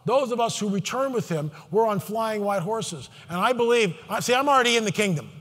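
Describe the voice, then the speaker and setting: A man's voice: high voice, animated, brisk, fairly bright tone, long reverb tail. A man giving an impassioned conference talk from a stage, fervent and emphatic, with many asides and restarts. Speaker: conference speaker.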